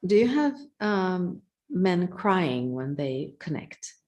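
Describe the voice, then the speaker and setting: Slow, reflective low-voiced woman. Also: very animated, darkish tone. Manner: reflective, attentive, frequent murmurs of agreement. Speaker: host. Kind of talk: casual conversation.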